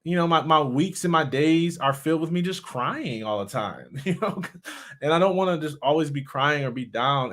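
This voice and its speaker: A man who is a motivational speaker, talking candidly in a reflective, halting way, often restarting his sentences. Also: medium pitch. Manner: candid, halting, with many restarts and soft laughs. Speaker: motivational speaker and suicide survivor. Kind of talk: personal reflective talk.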